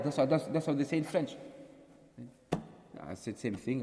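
A man's voice: on the high side, big pitch swings, normal speed, pauses often, a little mellow. A man leading a casual group question-and-answer session, chatty and storytelling, slipping in Urdu words. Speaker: community teacher leading a Q&A. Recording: echoey hall.

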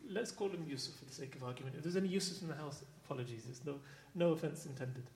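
Middle-aged guy telling a story, slightly high voice, roomy echo. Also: quick pace, slight background noise. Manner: lively storyteller, acts out dialogue. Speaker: mosque teacher. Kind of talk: anecdotal storytelling. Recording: echoey room.

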